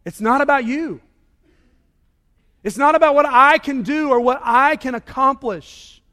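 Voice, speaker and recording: A man preaching a sermon as pastor, moving from quiet scripture reading to loud, emphatic repetition with his congregation. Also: very high-pitched, a little slow. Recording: long hall reverb.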